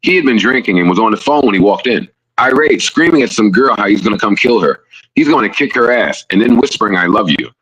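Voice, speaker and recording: A male streamer reading a story aloud, lively, acting out the quoted voices. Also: lowish voice, fast, husky, low-quality recording.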